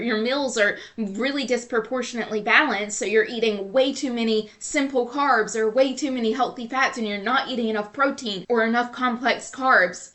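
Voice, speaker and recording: A woman's voice: on the high side, fairly bright tone. A woman hosting a solo podcast, giving earnest, repetitive coaching advice. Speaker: podcast host and nutrition coach.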